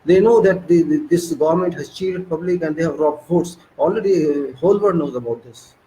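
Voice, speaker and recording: A man's voice: on the high side, a little fast, warm tone, a little hiss or hum, poor audio. A man with an Indian English accent delivering an indignant political monologue, lecturing and often restarting his words. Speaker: political commentator. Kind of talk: monologue commentary.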